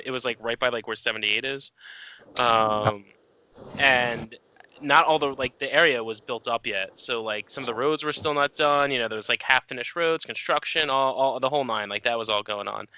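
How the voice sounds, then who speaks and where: A young man with a New Jersey accent, telling a family story in casual chat as co-host, animated and laughing. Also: medium pitch, a little hiss or hum, poor audio. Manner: animated storytelling with laughs and loud acted quotes.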